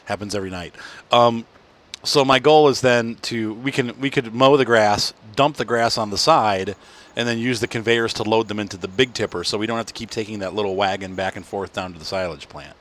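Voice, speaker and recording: A man's voice: on the low side, fairly quick, a bit bright. A tired man hosting a casual farming game playthrough, rambling and correcting himself as he talks. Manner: rambling, self-correcting, yawning. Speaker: gaming channel host.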